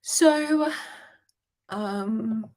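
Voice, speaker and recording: A woman's voice: fairly high pitch, drawn-out words, a little mellow. A woman with a regional Australian accent, chatting casually and swearing freely while hosting a live Q&A. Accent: Australian, regional Queensland. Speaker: business coach hosting a Q&A.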